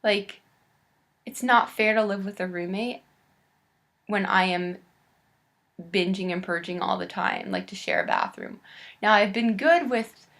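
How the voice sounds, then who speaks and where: Creaky-voiced woman in her late twenties. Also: medium pitch, a bit bright. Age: late 20s. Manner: halting and candid, with pauses and restarts. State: on the verge of tears. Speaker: vlogger. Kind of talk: confessional webcam vlog.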